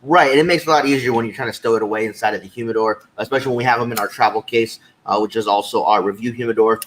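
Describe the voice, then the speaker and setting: A man co-hosting a podcast in casual chat, relaxed and talkative with frequent fillers. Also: fairly low pitch, very fast, slight background noise, poor audio. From California. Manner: relaxed, chatty, with many fillers. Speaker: podcast co-host.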